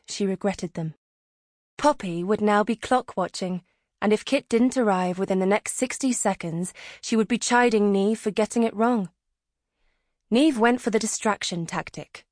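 A woman reading a novel aloud as an audiobook narrator, calm and even, close to the mic. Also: mid-range voice, measured pace, no echo. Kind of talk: scripted narration. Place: dry recording booth. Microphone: close studio mic.

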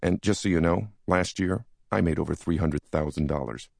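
Man voicing contemptuous young yuppie broker, gravelly, dry read. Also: sits low, normal speed, a little mellow, dry recording. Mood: scornful. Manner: contemptuous, smirking. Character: sneering young male yuppie broker, disdainful.

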